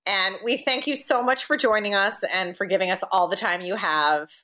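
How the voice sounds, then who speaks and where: A woman's voice: medium pitch, normal speed, pushed and bright. A woman hosting a podcast interview, friendly and brief. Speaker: podcast host.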